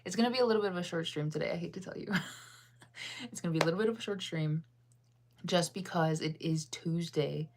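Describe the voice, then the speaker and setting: An American woman in her thirties with a deep-sounding voice chats casually on a livestream, rambling, reading chat aloud, and filling her talk with ums and laughs. She talks fast, and the background is noisy.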